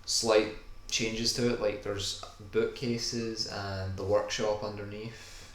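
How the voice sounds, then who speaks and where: Chatty low-voiced man in echoey room. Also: level tone, slow pace. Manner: chatty, enthusiastic, often says "kinda". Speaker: podcast co-host. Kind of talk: casual chat over a viewing. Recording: echoey room with faint ambient noise.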